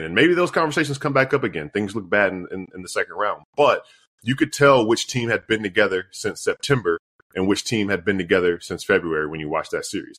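A man's voice: fairly low pitch, expressive, brisk, a bit bright. A man co-hosting a sports podcast, chatting casually and playfully quizzing his partner. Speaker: podcast co-host.

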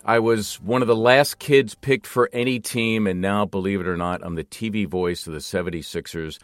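An older man, a longtime TV basketball play-by-play voice, reminiscing in a relaxed, self-deprecating way. His voice sits low. The recording is close and dry, with no room sound. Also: moderate pace, no room sound. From Northeast Philadelphia, US. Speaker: TV play-by-play announcer. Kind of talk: personal storytelling monologue.

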